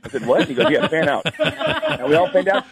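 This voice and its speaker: A stand-up comedian, a man from New York, telling lively stories on a talk show and acting out the people in them. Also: fairly high pitch, a little fast, a crowd in the background, low-quality recording. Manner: lively storyteller, voices the people in his anecdotes. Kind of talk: animated storytelling on a talk show.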